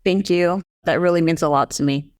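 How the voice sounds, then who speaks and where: A woman nurse co-hosting a podcast, chatting in a relaxed way and laughing easily. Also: lowish voice, brisk. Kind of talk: casual podcast chat.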